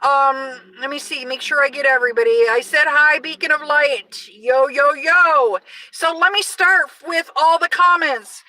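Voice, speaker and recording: A woman in her forties hosting a casual live stream, loud and energetic, chatting with many fillers and restarts. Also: high voice, a little slow, far from the mic, poor audio. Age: 40s.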